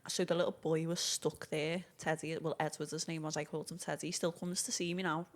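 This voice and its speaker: A woman's voice: low voice, flat delivery, fairly quick. A young woman, a podcast guest who tells her stories in a chatty, matter-of-fact way. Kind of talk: casual chat.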